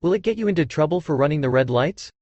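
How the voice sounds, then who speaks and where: A man's voice: a little high, lively intonation, quick pace, a little mellow, no echo, highs cut off. A man voicing a snobbish, greedy older woman who speaks arrogantly and scornfully, in an audiobook. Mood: worried.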